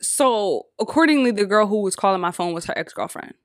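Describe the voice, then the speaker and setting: A woman co-hosting a podcast, telling a story in a casual, animated and profane way, with acted-out quotes. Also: medium pitch, brisk, no echo, clean studio sound. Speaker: podcast co-host.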